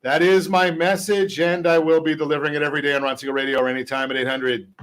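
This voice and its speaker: A man hosting a casual radio talk show on homes and mortgages, chatty and a little halting, with dry asides. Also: on the high side, little pitch movement, a bit bright. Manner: chatty, stumbles over words, drops dry jokes. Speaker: radio host and mortgage expert.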